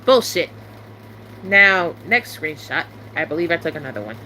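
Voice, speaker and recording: Irritated woman venting with bright voice. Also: on the low side, big pitch swings, moderate pace, slight background noise. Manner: irritated, swearing often, sharp rising outbursts. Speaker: YouTuber venting to camera. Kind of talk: casual venting monologue.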